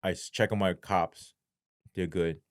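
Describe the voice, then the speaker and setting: Here an interviewed former police sergeant speaks bluntly, leaning on slang and profanity, and his voice sinks and halts when despair comes up. His intonation stays fairly even. It's a dry, studio-quality recording.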